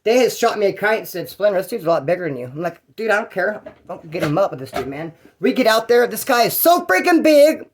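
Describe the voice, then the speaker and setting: A man's voice: sits high, sing-song, brisk, few pauses, a little hiss or hum. A man from California telling his own prison stories in a rambling, slangy, profane way. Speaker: prison storyteller. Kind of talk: casual storytelling.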